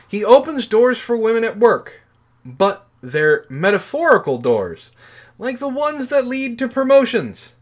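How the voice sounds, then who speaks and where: A man in his forties co-hosting a podcast, telling stories in a profane, animated casual chat. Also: extremely high pitch, a little slow. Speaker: podcast co-host.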